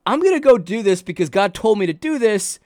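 A man's voice: sits high, very animated, a little fast, a little mellow, no room sound, clean studio sound, voice pushed up. Man playing a flustered, stammering prophet. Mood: overwhelmed. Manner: stammering, breathless. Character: flustered, overwhelmed male biblical prophet.

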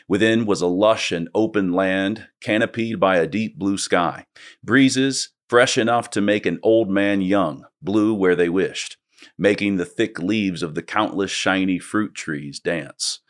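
A man reading a scripted essay aloud in a measured, earnest way. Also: low-pitched. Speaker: narrator.

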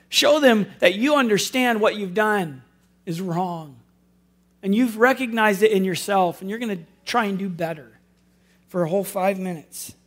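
A man's voice: high-pitched, a bit bright. Earnest man preaching a sermon. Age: adult with school-age children. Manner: earnest, conversational, with wry self-deprecating asides. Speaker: pastor.

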